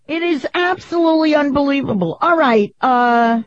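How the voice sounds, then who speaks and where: A woman in her sixties with a New York accent, hosting a radio talk show in a brash, incredulous, quick-tongued manner. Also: fairly high pitch, big pitch swings. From Queens, New York. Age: 60s. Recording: dull radio broadcast audio.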